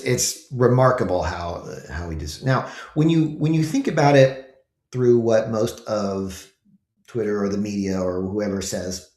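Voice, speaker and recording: A man with a fairly low voice hosts his own commentary show. He talks casually but with emphasis, throwing rhetorical questions at his viewers. His voice rings a little in an echoey room. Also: a little mellow. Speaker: host.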